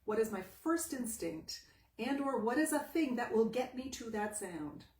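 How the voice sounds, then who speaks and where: A woman's voice: a little high, lively intonation, normal speed, a little mellow, a little hiss or hum. A woman voice teacher giving a live-streamed talk at home, animatedly asking and answering her own questions. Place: home room with a pet cat. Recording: echoey room, distant mic.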